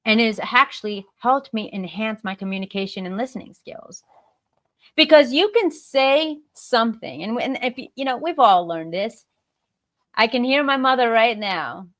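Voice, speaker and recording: A woman from the United States giving an animated motivational talk as a guest on a live stream, shifting her tone to act out examples. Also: fairly high pitch, dry recording. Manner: animated, acts out example remarks in varied tones. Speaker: guest speaker. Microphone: video call.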